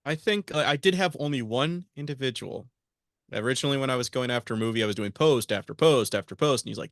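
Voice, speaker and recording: A man's voice: mid-range voice, fast, a bit bright, no room sound, clean studio sound. A man guest on a podcast, talking earnestly and acting out quoted exchanges in a casual interview.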